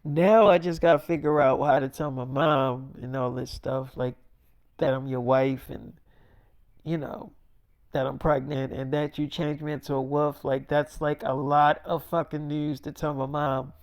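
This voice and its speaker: A man's voice: on the high side, little pitch movement, a little slow, clean tone, dry recording, clean studio sound. Rambling man telling a freestyle story. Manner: rambling, full of "like" and "you know". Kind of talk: improvised role-play storytelling.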